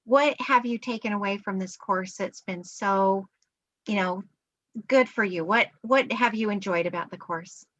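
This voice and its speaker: A woman's voice: medium pitch, measured pace, dry recording. A woman leading a course, affirming others and asking questions on a video call. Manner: warmly affirming, asks questions. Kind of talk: encouraging video-call chat. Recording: dry, muffled video-call audio.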